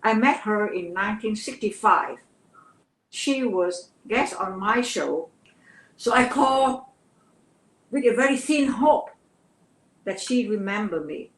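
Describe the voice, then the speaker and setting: An older woman from Vietnam with a Vietnamese accent, a guest telling her life story in an interview, earnest and halting, often repeating words. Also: mid-range voice, animated. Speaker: guest, actress. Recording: roomy echo.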